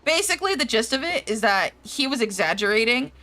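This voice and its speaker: A woman's voice: a little high, animated, fairly quick, sharp tone, faint music behind. A young woman streamer casually recapping game quests, rambling and swearing freely with lots of "like".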